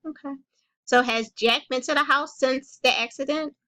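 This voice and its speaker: A woman playing a calm, caring counselor who gently comforts and reassures a young child in a role-played session. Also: high voice, moderate pace. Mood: gently probing.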